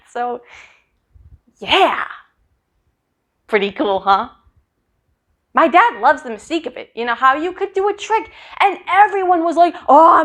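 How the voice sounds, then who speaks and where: A woman's voice: sits high, fairly bright tone. A woman performing a dramatic monologue in a wry, conversational, hesitant way.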